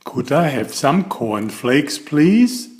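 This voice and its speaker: A man voicing a shy, timid little storybook man who asks for things in a soft, pleading voice. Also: mid-range voice, sing-song, slow pace.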